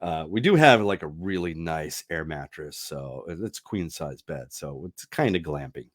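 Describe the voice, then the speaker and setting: Chatty, lively-voiced man hosting a podcast. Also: rumbling low, normal speed. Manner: chatty, laughs often, rambling restarts. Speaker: radio host. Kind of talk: casual podcast chat.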